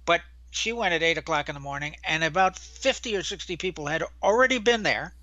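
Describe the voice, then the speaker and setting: Older man, bright earnest co-host talk. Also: on the high side, lively intonation, no room sound, muffled recording. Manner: earnest, measured, telling anecdotes. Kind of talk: casual chat.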